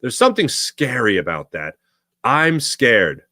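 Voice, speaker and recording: A man's voice: mid-range voice, very animated, measured pace, bright, forceful tone, dry recording, clean studio sound. A young man hosting a live sports talk stream, rambling and reading viewers' comments aloud. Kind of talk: casual live-stream chat.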